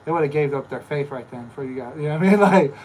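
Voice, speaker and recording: A man co-hosting a podcast on a porch, telling stories in a casual, animated way, with frequent laughs and "you know what I mean.". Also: fairly high pitch, quick pace, low-quality recording. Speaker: podcast co-host. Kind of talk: casual porch chat, storytelling. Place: outdoor porch. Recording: outdoor recording with clear background noise.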